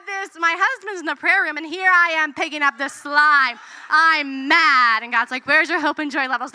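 A woman in her thirties, a mother preaching a sermon, telling lively stories and acting out what people said. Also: high-pitched, dry recording. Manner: animated storytelling, acts out quotes.

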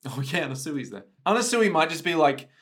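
A man co-hosting a podcast in casual chat, animated and jokey, often acting out silly voices. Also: on the high side, brisk. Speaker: podcast co-host.

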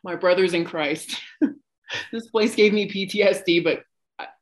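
A woman's voice: lowish voice, moderate pace. Laughing, foul-mouthed young woman storyteller. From Colorado, United States. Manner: profane, laughing, animated storyteller. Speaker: guest. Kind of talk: casual storytelling on a podcast.

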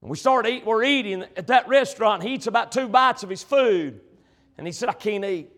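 High-voiced preacher man. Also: a little fast. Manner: emphatic, swings from loud to hushed. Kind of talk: sermon.

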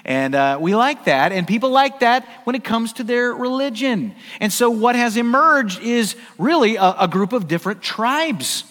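An American pastor preaches in a high, bright-toned voice, casual and joking but emphatic. His words carry a long reverb through the church sanctuary. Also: lively intonation, moderate pace, few pauses. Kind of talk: sermon.

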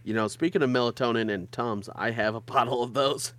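A man's voice: medium pitch, fairly quick, fairly bright tone, no echo. A young man with a Michigan accent, heard in a dry, close recording. He co-hosts a casual podcast chat, rambling through stories with frequent laughter in a mid-range voice. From Michigan, USA. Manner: rambling, laughs often while telling stories. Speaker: podcast co-host.

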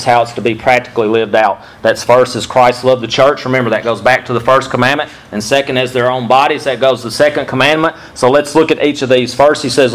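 A man's voice: medium pitch, low-quality recording. A man giving a sermon to men about marriage, teaching from a diagram and asking his listeners direct questions in a conversational preaching manner. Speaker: pastor.

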